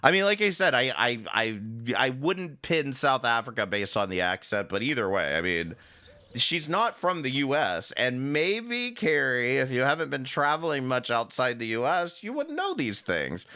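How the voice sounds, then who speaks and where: A man's voice: medium pitch, very animated, moderate pace, sharp tone, clean tone. A man hosting a stream, ranting profanely and sarcastically while reacting to clips. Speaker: streamer host. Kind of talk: reaction commentary.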